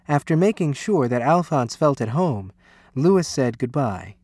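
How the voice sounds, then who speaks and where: A man reading a children's storybook aloud in an expressive, animated way. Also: medium pitch, unhurried, no room sound.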